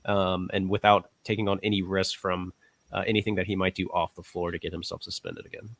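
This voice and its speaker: A man co-hosting a casual podcast, pitching his investment picks with upbeat, rising emphasis. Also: flat delivery, fairly quick, a bit bright. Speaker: co-host.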